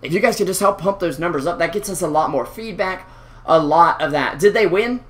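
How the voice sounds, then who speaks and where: A man's voice: fairly high pitch, a little fast, a bit bright. A male esports caster in casual chat, self-deprecating, breathing heavily into a close mic. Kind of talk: casual chat between game commentary.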